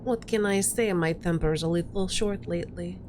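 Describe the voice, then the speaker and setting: A woman voicing a tough, short-tempered female ship captain in a put-on Russian accent, reading game dialogue in a gruff, blunt manner. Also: lowish voice, moderate pace, a little mellow, a little hiss or hum, natural voice.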